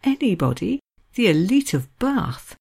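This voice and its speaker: A woman reading the lines of a fawning, pompous male master of ceremonies from a classic novel, with an effusive, flattering manner. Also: medium pitch, a little slow, gravelly, slightly rough, pitched above the performer's own voice, exaggerated voice. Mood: gushing.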